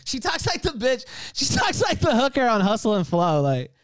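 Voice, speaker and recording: Man, high voice, lively swooping pitch, profane heated rant, laughing, livestream host. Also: moderate pace. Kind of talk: ranting casual talk.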